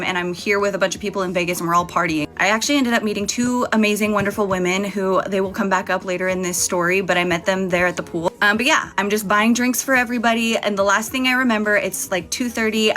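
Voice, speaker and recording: Bright-voiced woman telling a chatty story. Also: medium pitch. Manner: candid, chatty, swears freely. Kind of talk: casual storytime vlog. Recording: faint music behind.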